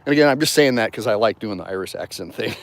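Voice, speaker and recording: A man's voice: fairly low pitch, animated, quick pace, vocal fry, no echo. Chatty man livestreaming while walking outdoors. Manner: conversational, digressive, thanks viewers for donations. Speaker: attorney and livestream host. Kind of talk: rambling livestream talk.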